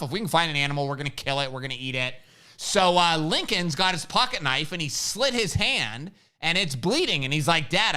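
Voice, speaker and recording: A brash, joking man in middle age holds forth on a live podcast stream. His voice sits high and bright for a man, leaping up and down as he acts out his stories. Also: smooth. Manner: brash, joking storyteller who acts out quotes. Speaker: podcast host, firearms instructor. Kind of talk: casual live-stream chat.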